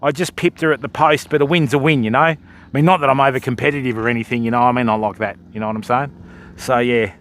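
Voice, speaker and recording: A man's voice: mid-range voice, fast talker, a bit bright. A middle-aged man with an Australian accent, chatting casually and joking with viewers on a livestream. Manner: laid-back, joking, chatty. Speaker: fishing livestreamer.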